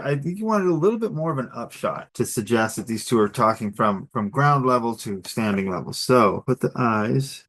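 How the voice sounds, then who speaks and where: Middle-aged guy walking thru storyboard notes, chill and encouraging, normal mid voice. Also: mid-range voice. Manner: relaxed, encouraging, conversational. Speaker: storyboard artist giving a critique. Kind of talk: casual critique over drawings.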